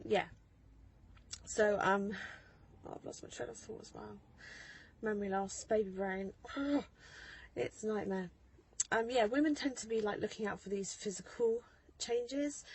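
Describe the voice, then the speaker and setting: A woman's voice: mid-range voice, vocal fry, breathy edge, poor audio. A woman in her thirties talks into her phone from a parked car in a casual vlog, chatty and rambling with many ums and laughs. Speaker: mother vlogger.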